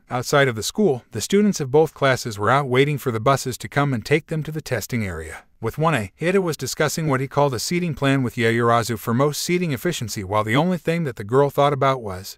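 A man narrating a fan story in an even, steady reading voice. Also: mid-range voice, brisk, few pauses, no echo, clean studio sound.

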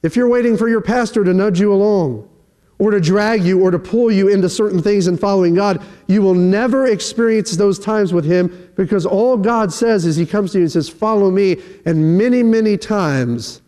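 A middle-aged man preaching a sermon in a church, animated and acting out quoted dialogue. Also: fairly quick. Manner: animated, acts out quoted dialogue with shifting pitch. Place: church sanctuary. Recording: long hall reverb.

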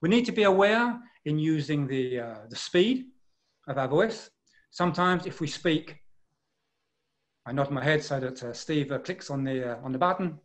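A man giving an online presentation as a management trainer, explaining step by step with frequent pauses and filler sounds, heard over a video call. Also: fairly high pitch, lively intonation.

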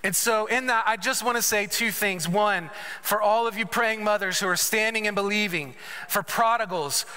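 High, bright-voiced man preaching in a hall. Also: normal speed, clear, resonant tone. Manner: conversational, storytelling with humorous asides. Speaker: conference speaker. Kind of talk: sermon with personal testimony. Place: large church sanctuary. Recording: reverberant church hall.

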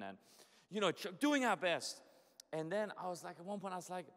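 A man in his forties, a pastor from Denmark, preaching and praying in a casual, excitable way with lots of fillers and restarts. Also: on the high side, unhurried, long pauses. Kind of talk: sermon with prayer and storytelling. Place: church hall. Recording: echoey hall.

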